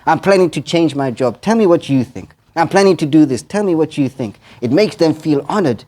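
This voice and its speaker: A man's voice: fairly high pitch, lively intonation, fairly quick, darkish tone. A man, an imam, giving a sermon in the manner of an earnest storyteller, quoting Arabic verses and translating each one.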